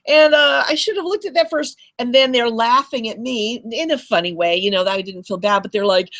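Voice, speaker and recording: Woman teacher on a video call, kinda high voice, tells stories with lots of voices. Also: normal speed. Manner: animated storyteller, acts out voices. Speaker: teacher and show host. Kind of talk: casual online chat, telling a story.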